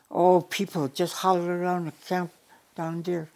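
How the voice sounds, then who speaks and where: Older woman, low-pitched, from the Yukon, oral storyteller, unhurried with frequent restarts. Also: flat delivery, darkish tone. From Yukon, Canada. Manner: unhurried, restarts and repeats words, plain direct phrasing. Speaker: elder storyteller.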